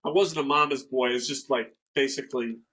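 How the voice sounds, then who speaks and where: An older man, a guest musician, telling stories in a rambling, animated way and acting out the dialogue he quotes. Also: mid-range voice, brisk, low-quality recording. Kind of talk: casual storytelling interview.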